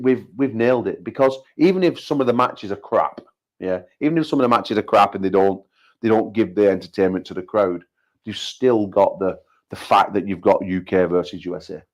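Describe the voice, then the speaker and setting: A British arm wrestling promoter from the United Kingdom hosts a casual livestream chat, full of banter and quick joking asides, and often repeats himself. His voice is lowish with a darkish tone.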